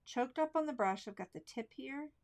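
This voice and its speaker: A woman teaching card making in a live craft demonstration, chatting loosely and thinking aloud as she works. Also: high voice. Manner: relaxed, chatty, thinks aloud while working; slow, drawn-out phrasing.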